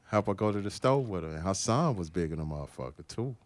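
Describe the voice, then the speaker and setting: A man's voice: low voice, animated, quick pace, no room sound. A man telling a story in casual chat, stammering and restarting as he laughs along. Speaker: podcast co-host telling a story.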